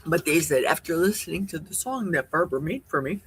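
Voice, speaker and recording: A woman hosting a casual live Q&A stream, chatting in a rambling, animated way. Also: deep voice, brisk, slight background noise. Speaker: livestream host. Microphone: livestream setup.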